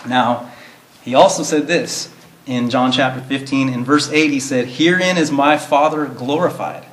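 Male Bible study teacher, mid-pitched, earnest and plain-spoken, in an echoey room. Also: unhurried, fairly bright tone. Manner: earnest, explains plainly, reads verses in King James wording. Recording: roomy echo.

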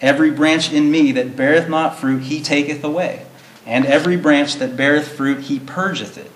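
A man's voice: on the high side, steady tone, moderate pace. A man teaching a verse-by-verse Bible study, reading verses in old-fashioned wording and explaining them in plain, earnest terms. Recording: roomy echo.

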